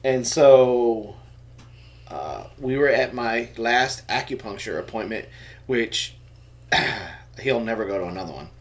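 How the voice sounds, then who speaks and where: Animated storyteller dad. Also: male voice, medium pitch, takes it slowly. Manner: animated storyteller acting out quotes. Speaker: homestead channel co-host. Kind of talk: casual live chat storytelling.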